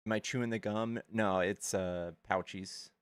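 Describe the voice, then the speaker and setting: A man's voice: on the low side, fairly even intonation, measured pace, clean tone, no room sound, studio quality. A man streaming casual chat, blunt and mocking with callers and doting on his dog. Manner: blunt, mocking, trash-talking; doting, silly baby talk to his dog.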